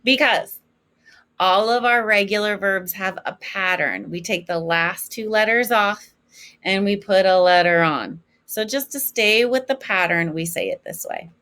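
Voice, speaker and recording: A woman teaching a French lesson in English, slowly modeling each French form for her students to repeat. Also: mid-range voice, sharp tone. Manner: slow, clear modeling of French forms for repetition. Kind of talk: recorded classroom lesson.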